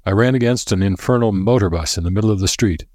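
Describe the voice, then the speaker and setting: A man reading aloud, voicing a grim, solemn old professor who speaks gravely. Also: on the low side, mellow, no room sound, clean studio sound, close to an everyday voice. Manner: grave, measured. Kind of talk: audiobook character voice.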